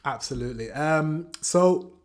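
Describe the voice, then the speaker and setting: A man's voice: fairly high pitch, lively intonation, unhurried, over music. A man with a Northern English accent, hosting a reaction video and chatting casually about politeness with laughs and loose, rambling explanations. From north of England.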